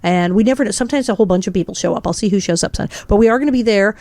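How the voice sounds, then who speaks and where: A woman in her sixties, a guest in an interview, telling animated stories and quoting people in acted voices. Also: medium pitch, very fast, no echo. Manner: lively, quotes people in acted voices, laughs often. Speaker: guest, actress and author.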